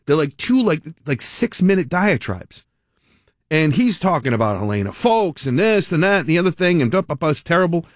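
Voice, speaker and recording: A man's voice: a little high, very animated, fairly quick, no echo, studio quality. A man hosting a radio talk show, chatting casually, rambling with restarts and frequent laughter. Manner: rambling, laughing, self-interrupting.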